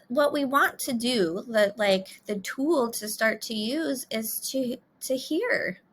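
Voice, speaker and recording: A woman's voice: on the high side, pushed and bright. A middle-aged woman couples therapist talking casually and candidly to the camera, laughing between phrases.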